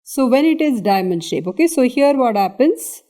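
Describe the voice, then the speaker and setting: A woman's voice: high-pitched, animated, moderate pace, mellow. A woman with an Indian English accent giving an exam revision lecture on anatomy, explaining step by step and often checking in with "okay".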